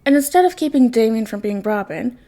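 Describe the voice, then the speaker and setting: A smirking, defiant young man, read by a woman with a sardonic, mocking edge to every line. The delivery is fairly high pitched and comes across as a plain storybook reading. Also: expressive, fairly quick, warm tone.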